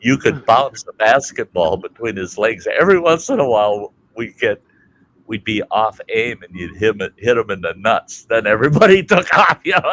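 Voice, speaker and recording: A man from Minnesota hosting a casual chat stream, telling a family story in a colorful, animated way and swearing freely. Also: fairly low pitch, normal speed, a little hiss or hum, rough recording. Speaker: livestream host.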